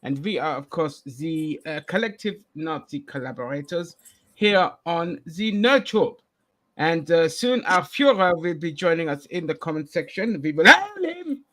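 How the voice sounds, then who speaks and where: A man doing a mock-pompous German-accented show host, loud and theatrical in his greetings. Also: on the high side, very animated, quick pace.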